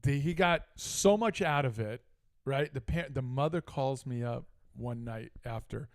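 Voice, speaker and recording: Animated middle-aged man telling a story. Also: medium pitch, a little slow. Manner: animated, heated retelling with frequent asides. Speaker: podcast co-host. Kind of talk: casual storytelling chat.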